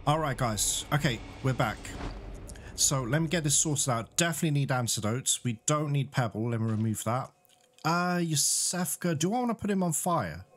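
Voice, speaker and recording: A man's voice: a little high, animated, normal speed. A young man giving casual gameplay commentary, chatty and jittery, with nervous laughs and mild swearing. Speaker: let's play gamer.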